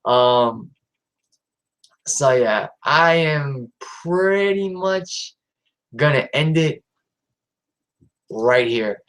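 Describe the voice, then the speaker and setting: A man's voice: a little high, expressive, very slow, long pauses, fairly bright tone, low-quality recording. A man hosting a live stream in a casual, rambling way, with lots of fillers and restarts.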